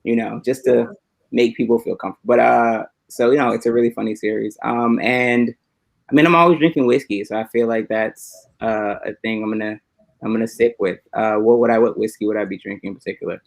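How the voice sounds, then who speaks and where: A man rambling through casual chat on a livestream, relaxed and wandering, heard over a video call. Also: mid-range voice, fairly quick, vocal fry, rough recording. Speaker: panel guest.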